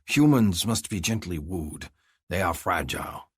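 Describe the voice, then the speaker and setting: A man's voice: low voice, expressive, a little slow, husky, no room sound, studio quality, exaggerated voice. A man doing a stern alien chieftain. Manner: warning, commanding. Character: calm male alien chieftain, stern but good-natured. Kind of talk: audiobook character voice.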